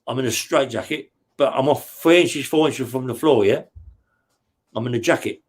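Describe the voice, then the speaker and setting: A man, at a middling pitch for a man, recounts his story in blunt, swearing-laden bursts. He rambles through restarts and punchy sound words, tagging nearly every phrase with a questioning "yeah?". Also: moderate pace, slightly rough. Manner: blunt and profane, tags lines with "yeah?". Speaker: interview guest. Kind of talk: casual true-crime storytelling.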